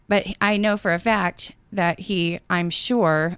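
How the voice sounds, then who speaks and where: A woman hosting a podcast, telling a story in a casual, animated, profane way into a studio microphone. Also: lowish voice, moderate pace, hardly any pauses, clear, resonant tone, dry recording. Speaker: podcast host.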